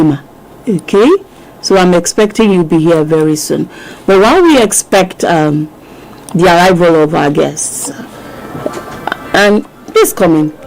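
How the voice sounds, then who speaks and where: A Nigerian woman hosting a casual radio talk show, chatty and quick to laugh. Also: lowish voice, darkish tone, rough recording. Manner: chatty, laughs often, mixes in Yoruba phrases. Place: radio studio.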